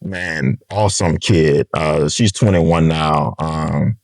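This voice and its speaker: A man's voice: rumbling low, steady tone, slow, a little mellow, dry recording, low-quality recording. A young man, a community organization founder talking earnestly in an interview, often adding "right?" and "man". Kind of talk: casual interview conversation.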